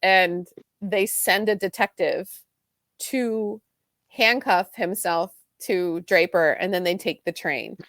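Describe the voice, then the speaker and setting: A woman co-hosting a podcast, retelling a soap opera plot in a quick, animated casual chat full of "like"s. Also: on the low side, no room sound, studio quality. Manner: fast, animated retelling with many "like"s. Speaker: podcast co-host.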